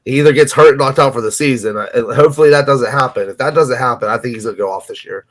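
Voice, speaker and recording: A man's voice: medium pitch, very fast, a bit bright. Rambling male sports podcast co-host. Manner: rambling, hedging, lots of ums and restarts. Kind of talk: casual sports betting chat.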